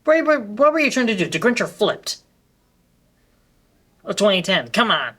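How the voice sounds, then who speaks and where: Exasperated man with a high, bright voice. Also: big pitch swings, normal speed. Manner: exasperated, emphatic complaining. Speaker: co-host. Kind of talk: animated film review rant.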